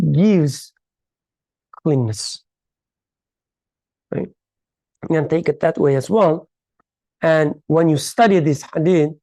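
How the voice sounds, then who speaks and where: Brief: mellow, unhurried voice for a study-circle talk; halting delivery, thinks aloud, uneven grammar. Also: mid-range voice, no echo. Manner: uneven non-standard English grammar. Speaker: study circle participant explaining a hadith. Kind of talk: reflective discussion in a faith study circle.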